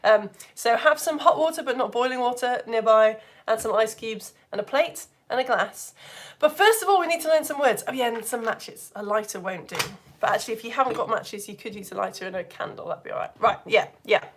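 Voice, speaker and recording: Yorkshire woman, science teacher for kids and families, bubbly and playful, slightly high voice. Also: a little fast. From Yorkshire, England. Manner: lively and playful, shifts into silly voices for actions. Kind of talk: live online lesson for all ages.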